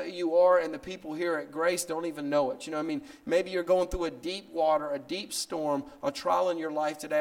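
A man pastor preaching a sermon in an earnest way, often repeating words and slowing down on key phrases. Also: on the high side.

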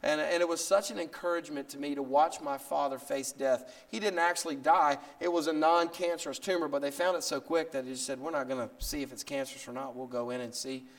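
A man pastor preaching a sermon in an earnest way, often repeating words and slowing down on key phrases. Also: fairly high pitch, fairly even intonation.

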